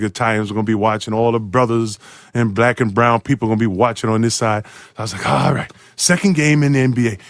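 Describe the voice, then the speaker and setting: A man's voice: no echo, clean studio sound. A man telling a sports story with lots of energy, acting out the quotes in jumpy voices and laughing often. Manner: acts out quotes with big pitch jumps, laughs often. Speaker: storyteller guest. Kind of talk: animated storytelling.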